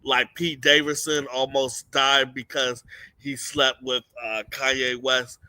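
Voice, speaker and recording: A man's voice: medium pitch, level tone, slow pace, sharp tone, dry recording. A young man co-hosting a casual streamed chat, blunt and frank, reading viewer questions aloud. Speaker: co-host.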